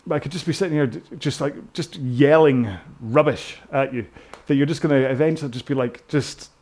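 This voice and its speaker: A man's voice: mid-range voice, brisk, a little mellow. A British man coaching a rowing workout indoors, chatting in a rambling, self-mocking way with jokey asides. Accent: British English.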